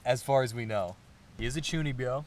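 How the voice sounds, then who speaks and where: Over a slight hiss or hum, a man with a medium-pitched, fairly quick voice co-hosts a podcast, casually recapping a manga's plot. He delivers it animatedly, performing the characters' lines as he tells the story.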